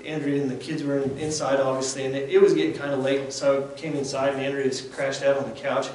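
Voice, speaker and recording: Speaking fast in a mid-range, darkish voice with a flat delivery, this man preaches a devotional sermon as a lay preacher. His tone is earnest, plainspoken, and folksy, and the distant recording sits in a heavily echoing room with faint noise.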